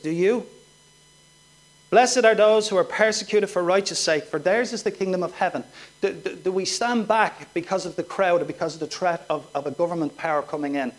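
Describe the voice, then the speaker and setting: A man preaching a sermon, asking his listeners direct questions and acting out the voices of the people he describes. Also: high-pitched. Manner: questioning, emphatic, acts out quoted voices.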